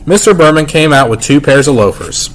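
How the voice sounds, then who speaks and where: A man reading a children's novel aloud in first-person narration, unhurried and plain. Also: a little high, expressive. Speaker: reader.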